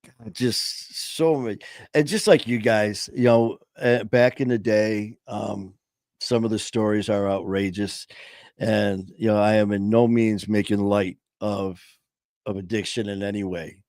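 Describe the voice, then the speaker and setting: On a home streaming setup with clean, dry studio-quality sound, a podcast host rambles through casual stories on his streamed talk show. His voice is on the low side, steady, unhurried, and a little mellow; he uses lots of fillers, swears some, and laughs at his own tales.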